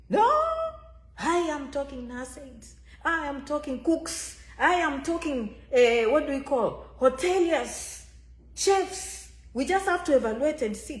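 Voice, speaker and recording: A woman's voice: high voice, roomy sound. A woman giving an emphatic, repetitive motivational talk to her viewers as an immigration consultant, often referring to herself by name.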